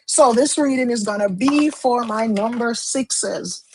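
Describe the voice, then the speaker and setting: A woman's voice: on the high side, a little slow, a little mellow, a little hiss or hum, poor audio. A woman from Jamaica giving a chatty live-streamed tarot reading, explaining as she goes and often repeating and restarting her phrases. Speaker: tarot card reader.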